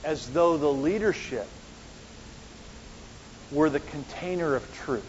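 A man's voice: a little high, slow pace, a little hiss or hum. A man preaching a Bible study in a conversational way, asking his listeners rhetorical questions. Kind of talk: sermon-style Bible teaching. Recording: dull lo-fi sound with long hall reverb.

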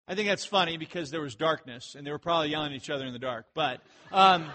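A man preaching a sermon, telling jokey stories and breaking into animated outbursts. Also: a little high, fast talker, few pauses. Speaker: pastor.

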